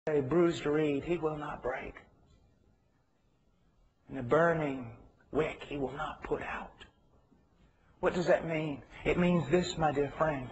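High-voiced man preaching earnestly. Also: unhurried. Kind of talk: sermon. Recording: dull lo-fi recording.

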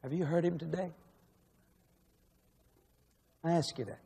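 A man's voice: on the high side, fairly even intonation, quick pace, creaky, warm tone, husky. Pleading preacher man in a big hall. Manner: emotional, pleading, repetitive questions. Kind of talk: sermon. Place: large church auditorium. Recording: long echo of a large hall.

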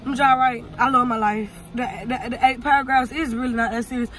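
A woman's voice: fairly high pitch, steady tone, fairly quick, a bit bright, slight background noise. A young woman vlogging casually from a car, talking in a profane, brash, rambling way. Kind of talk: casual vlog rant.

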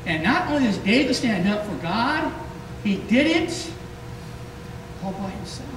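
Guy preaching slow and animated, church hall echo, picked up from far off with noise. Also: high-pitched. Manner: lively storytelling, acting out quoted voices. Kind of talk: sermon. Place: church sanctuary. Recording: echoey hall from far off, noisy.

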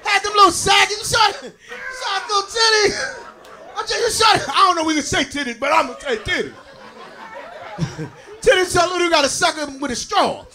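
A man with a Brooklyn, New York accent doing a stand-up comedy set, telling stories loudly and laughing along as he works the crowd on stage. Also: very high voice, animated, brisk. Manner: loud, laughing, crowd-working storytelling. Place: comedy stage before a live audience. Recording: faint crowd noise in the room.

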